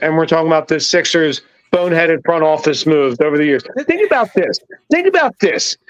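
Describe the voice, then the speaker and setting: A man's voice: on the high side, no echo. A man co-hosting a sports talk show, swearing and ranting emphatically about his teams. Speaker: podcast co-host. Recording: dull dry lo-fi sound.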